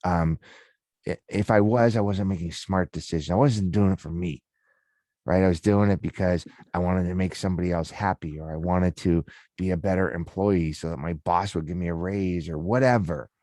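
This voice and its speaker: Middle-aged male guest, very low voice, candid storyteller, dry close sound. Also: normal speed, dark tone, no room sound. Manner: candid and storytelling, with many restarts. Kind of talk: casual interview talk.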